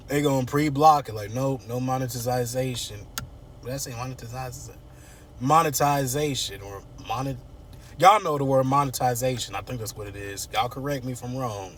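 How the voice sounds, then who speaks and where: Guy in his car talking through a show, lively and slangy, slight hiss behind him. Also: mid-range voice, normal speed. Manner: animated, chatty, slangy. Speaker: TV series reviewer. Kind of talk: casual recap. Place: inside a parked car at night.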